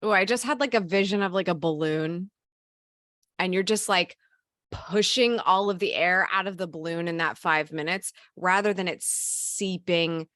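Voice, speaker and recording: Expressive woman podcast host, dry sound. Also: lowish voice, moderate pace, no echo. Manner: expressive, thinks aloud, playful. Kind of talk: casual podcast conversation.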